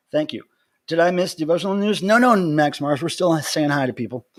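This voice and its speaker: A man's voice: on the high side, sing-song, normal speed. A man hosting his weekly livestream from home, casually greeting viewers by name and rambling through announcements. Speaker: livestream host.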